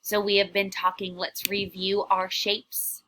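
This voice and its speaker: A woman's voice: medium pitch, flat delivery, unhurried, bright, forceful tone. A woman playing a cheerful, theatrical witch who teaches a children's lesson in character, talking in a sing-song way with gasps and whispered asides. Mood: playful. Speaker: kindergarten teacher.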